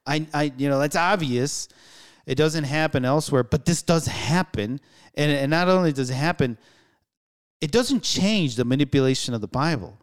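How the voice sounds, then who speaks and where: Smooth-voiced man telling stories. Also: on the high side, moderate pace. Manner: animated storyteller, repeats himself. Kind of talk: casual conversation.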